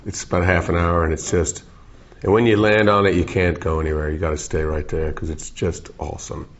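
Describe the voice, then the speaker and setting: A man's voice: low voice, flat delivery, fairly quick, slight background noise. A man in his forties, a musician, giving goofy, wandering, self-interrupting interview answers. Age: 40s. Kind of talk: rambling, joking interview answers. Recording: dull, lo-fi recording.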